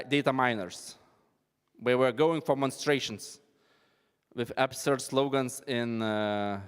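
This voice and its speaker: A man giving a halting, self-deprecating talk at an arts event, with non-native phrasing. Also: mid-range voice, in a large hall. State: out of breath. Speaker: performance artist presenting. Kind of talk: informal spoken presentation. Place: large hall at an arts event.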